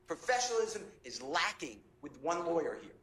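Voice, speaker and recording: A man's voice: fairly high pitch, sing-song, normal speed, fairly bright tone. Impassioned man in an echoey courtroom. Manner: impassioned, indignant, pleading. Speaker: defense attorney. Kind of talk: courtroom argument. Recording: echoey courtroom recording, faint noise.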